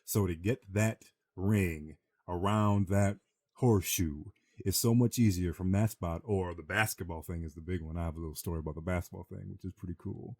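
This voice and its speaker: Male podcast host, very deep and dry, a casual slangy storyteller. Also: normal speed, dry recording. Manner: animated, slangy storyteller who acts out voices.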